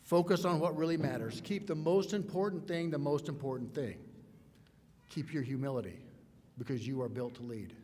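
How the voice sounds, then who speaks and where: A man delivers a commencement speech in a slightly high voice, pressing each point with emphatic, repeated refrains. His voice rings with the long reverb of a large hall over a faint hum of noise. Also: darkish tone. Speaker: commencement speaker. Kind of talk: ceremonial speech.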